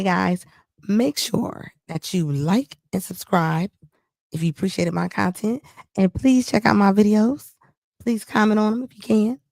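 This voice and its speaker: A woman with a gravelly, fry-edged voice speaks as a commentary host. She scolds bluntly and repeats lines for emphasis. The sound is close and dry. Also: mid-range voice, darkish tone, dry recording. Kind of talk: reaction commentary on a live stream.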